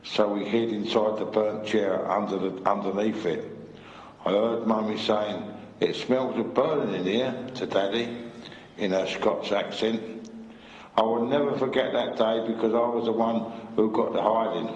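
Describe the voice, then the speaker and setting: A man's voice: on the low side, fairly even intonation, moderate pace, a little mellow. Older man reading a heartfelt eulogy. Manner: plain, heartfelt, plainspoken storytelling. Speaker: son reading a tribute. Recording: echoey hall, dull long reverb.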